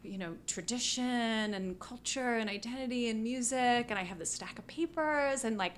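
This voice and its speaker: A woman guest on an interview podcast, telling stories in a casual, animated way, full of fillers and laughs. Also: on the high side, moderate pace, a little hiss or hum. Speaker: guest musician.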